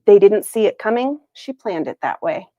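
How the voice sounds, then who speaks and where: A woman's voice: medium pitch, very animated, normal speed, dark tone, no room sound, muffled recording. A woman hosting a casual livestream product reveal, chatty and upbeat, laughing often. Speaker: planner shop owner hosting a livestream. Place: Arizona.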